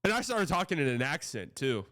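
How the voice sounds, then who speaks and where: A man's voice: on the high side, very animated, fairly quick, sharp tone, no echo, clean studio sound. Casual, profane male sports reaction host. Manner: loose, profane, rambling.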